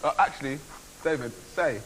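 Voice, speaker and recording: A young man chatting playfully through a video diary, showing places and dropping to hushed asides. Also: fairly high pitch, normal speed, a little hiss or hum, rough recording. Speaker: reality show contestant.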